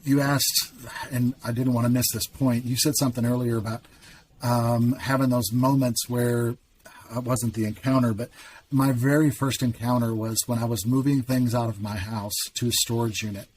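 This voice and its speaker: A man's voice: mid-range voice, flat delivery, normal speed, darkish tone, a little hiss or hum. A man, a podcast guest, telling a heartfelt personal story in an earnest, emphatic way and chuckling now and then.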